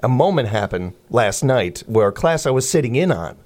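A man's voice: medium pitch, big pitch swings, normal speed, a little mellow. Middle-aged guy hosting morning radio, chatty, laughs a lot. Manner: chatty, laughs often, stumbles and restarts. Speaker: radio morning show host. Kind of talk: casual morning radio chat. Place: radio studio.

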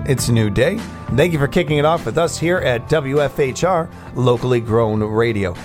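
A man's voice: medium pitch, normal speed, over music. Chatty male morning radio host. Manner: joking, chatty, laughs at own jokes. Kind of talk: casual morning radio chat. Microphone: studio microphone.

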